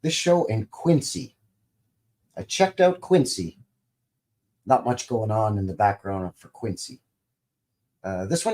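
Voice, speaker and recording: A man's voice: on the low side, expressive, takes it slowly, pauses often, a little mellow. A man hosting a live stream in a casual, rambling way, greeting viewers and reading their comments aloud with light jokes. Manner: jokey and informal, swears lightly. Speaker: livestream host.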